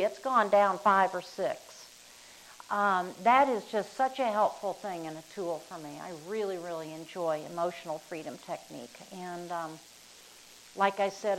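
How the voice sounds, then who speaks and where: A woman's voice: medium pitch, a bit bright, a little hiss or hum, poor audio. Chatty woman leading a group. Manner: chatty, rambling, laughs easily. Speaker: workshop leader. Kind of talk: casual group teaching.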